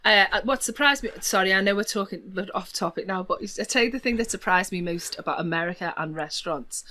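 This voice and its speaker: A woman from Liverpool with a Liverpool accent, telling stories in casual chat, laughing often and swooping up in pitch. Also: fast talker. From Liverpool, England. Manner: animated storyteller, laughs often, voice swoops high in anecdotes.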